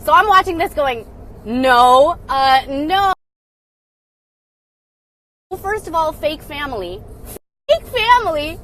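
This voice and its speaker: A young woman hosting a casual live stream, talking loudly and excitedly in a sarcastic, mocking way. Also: high-pitched, a little hiss or hum, rough recording. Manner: loud and excited. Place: indoors, phone live stream. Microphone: phone.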